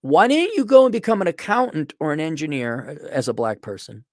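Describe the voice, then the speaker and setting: A man's voice: on the high side, lively intonation, fairly quick, no room sound, clean studio sound. A middle-aged man delivering a sarcastic, ranting opinion monologue as a podcast host. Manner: sarcastic, ranting, mocking voices.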